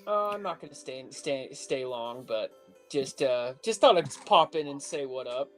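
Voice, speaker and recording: Man, casual podcast chat, animated, curses a lot, faint music behind. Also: mid-range voice, normal speed. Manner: animated storytelling, heavy swearing. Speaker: podcast co-host.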